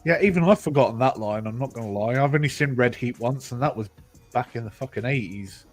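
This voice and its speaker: A man's voice: mid-range voice, brisk, faint music behind. A man bantering with friends on a voice call, joking, swearing and teasing. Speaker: participant in a group voice chat.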